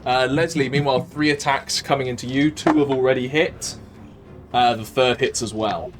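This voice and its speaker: A man's voice: mid-range voice, fairly even intonation, normal speed, faint music behind. A man with a Welsh accent narrating a tabletop game as dungeon master, descriptive and hesitant with frequent ums.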